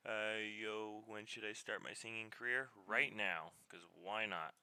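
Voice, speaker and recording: A man's voice: lowish voice, steady tone, a little slow, sharp tone, smooth, no room sound, poor audio. A man chatting casually on a live game stream, greeting viewers by name in an easygoing way.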